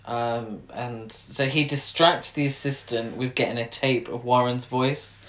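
Podcast co-host, mid-pitched, teasing and giggly, roomy echo. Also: steady tone, measured pace, a bit bright. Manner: wry, teasing, laughs a lot. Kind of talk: casual film recap chat.

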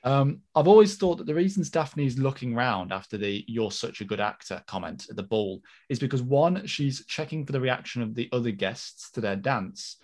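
A man co-hosting a podcast, reading listener mail in lively, casual chat. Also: medium pitch, moderate pace, hardly any pauses. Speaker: podcast co-host.

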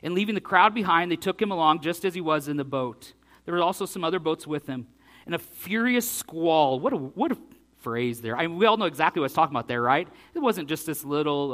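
Animated preacher man, slightly high voice. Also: a little fast. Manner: animated, acting out scripture dialogue with big swings in loudness. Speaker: pastor. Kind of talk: sermon with scripture reading.

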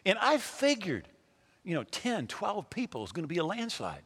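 A man preaching a sermon as pastor, telling a story with loud bursts and then leading a prayer in a hushed voice. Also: high voice, sing-song, moderate pace, long reverb tail.

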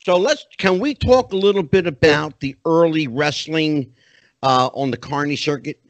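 A man hosting a podcast, chatting in an animated way with many asides. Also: fairly high pitch, moderate pace, no room sound. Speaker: podcast host. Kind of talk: casual interview chat.

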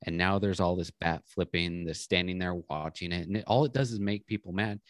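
Podcast co-host, male, very low pitch, dry close sound, rambling chatty delivery. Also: brisk, dry recording. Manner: rambling storyteller, many restarts. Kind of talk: casual chat.

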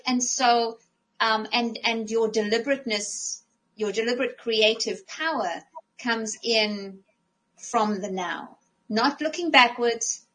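Woman, podcast co-host, life coach, animated, bright voice, slightly high pitch. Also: low-quality recording. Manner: animated, restarts phrases often, acts out her own thoughts. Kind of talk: casual conversational podcast.

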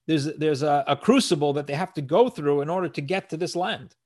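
A man's voice: fairly high pitch, fairly quick, darkish tone. Earnest man teaching a scripture lesson. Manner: reads Hebrew verses then translates each phrase; earnest, explanatory, with frequent restarts. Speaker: Torah teacher.

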